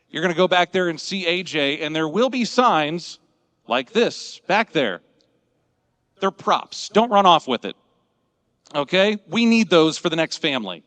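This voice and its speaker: A man's voice: a little high, fairly bright tone, no room sound, in a large hall. A man emceeing an awards ceremony, joking and giving upbeat instructions to a crowd. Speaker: master of ceremonies.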